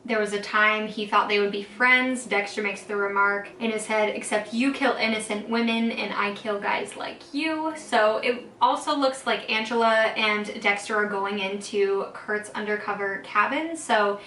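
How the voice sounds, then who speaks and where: A woman's voice: medium pitch, fairly even intonation, moderate pace, few pauses, sharp tone, reverberant, distant mic, slight background noise, low-quality recording. A young woman casually recapping TV episodes, chatty and full of fillers as she retells scenes and quotes characters. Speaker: TV recap vlogger.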